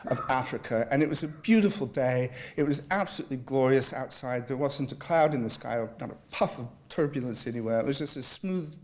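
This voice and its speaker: A man's voice: medium pitch, brisk, few pauses, a little mellow. Wry man telling a travel story. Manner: self-deprecating, wry. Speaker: guest speaker. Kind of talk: humorous storytelling and reading aloud.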